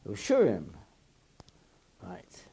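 A man teaching a Torah class, animated and asking his listeners questions, mixing Hebrew and Yiddish terms into English. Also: fairly low pitch, slow, gravelly, slightly rough.

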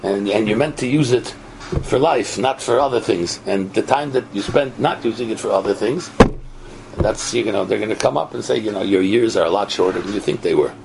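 A man giving a Torah lecture in an animated way, often asking his listeners "right?". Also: fairly low pitch, a little fast, creaky. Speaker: Torah teacher. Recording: noisy recording.

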